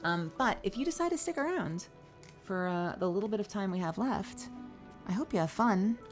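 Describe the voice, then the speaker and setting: A woman's voice: mid-range voice, normal speed, soft background music. A woman streamer and voice actor chatting casually and playfully with her viewers while sleepy and yawning. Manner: playful and animated, greets viewers. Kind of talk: casual live-stream chat.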